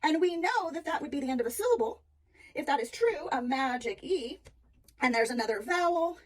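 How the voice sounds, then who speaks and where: A woman teacher walking briskly through a phonics lesson step by step. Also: high-pitched, lively intonation, distant mic. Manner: brisk, walks through steps aloud.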